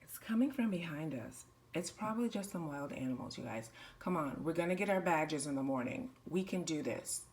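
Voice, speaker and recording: A woman voicing a playful mini movie about girls at a camp, switching between excited girls and a low teasing brother. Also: brisk, few pauses, recorded from a distance. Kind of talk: playful doll-play mini movie, several voices.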